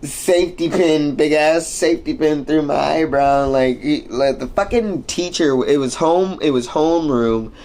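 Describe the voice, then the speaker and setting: A young American streamer with a fairly high, slightly mellow voice rants and tells stories casually, rambling, swearing a lot, and using plenty of fillers. He keeps a measured pace with few pauses.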